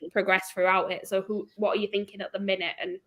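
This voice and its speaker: A chatty woman hosts a casual book club livestream, often laughing and asking her guests questions. Her voice sits at a mid pitch for a woman. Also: level tone, fast talker, a bit bright.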